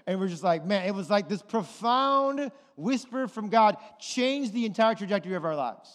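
High-pitched guy preaching a sermon, animated storyteller, long hall echo. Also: normal speed. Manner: animated storytelling preacher, quoting and acting out voices. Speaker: pastor. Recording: long reverb of a large hall.

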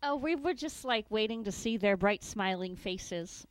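A woman's voice: medium pitch, expressive, moderate pace, dry recording, rough recording. A woman co-hosting a radio morning show in casual on-air chat, giggly and easygoing.

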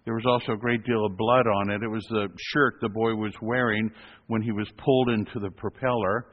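A man delivers a storytelling sermon, animated and acting out the voices of the people in it. His voice echoes through a long, reverberant hall on a dull, lo-fi recording. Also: medium pitch. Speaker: hospital chaplain telling a story.

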